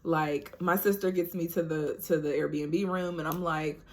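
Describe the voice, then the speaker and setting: A young woman, telling a personal story in a casual vlog, animated and laughing often. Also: deep voice, measured pace. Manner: animated, acts out quoted voices, laughs often. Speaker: vlogger.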